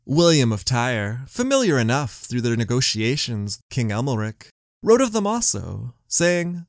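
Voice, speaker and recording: A man's voice: medium pitch, big pitch swings, measured pace, dry recording, studio quality. A man hosting a history podcast, telling the story in scripted narration with wry asides.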